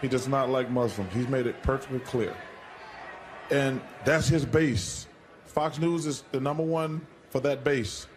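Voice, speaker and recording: A man's voice: mid-range voice, steady tone, unhurried. A man on a TV studio panel, talking bluntly and cutting in to get his word in. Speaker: TV studio analyst. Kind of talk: television studio panel talk.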